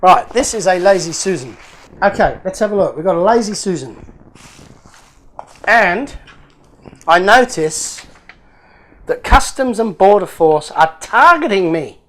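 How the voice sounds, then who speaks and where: A man's voice: high-pitched, expressive, unhurried, pauses often, a bit bright. A man hosting a casual unboxing video, chatty and jokey, thinking aloud as he opens parcels. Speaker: YouTube hobby channel host.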